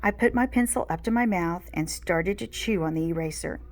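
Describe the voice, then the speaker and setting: A woman reading a children's book aloud in a slow, expressive storytelling manner. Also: on the low side.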